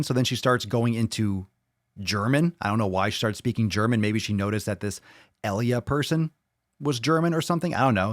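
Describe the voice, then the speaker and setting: A man hosting a podcast, ranting angrily and mockingly with lots of swearing, jumping loud and high for emphasis. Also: dry recording, studio quality. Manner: profane, angry, mocking. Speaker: podcast host. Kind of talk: ranting solo commentary.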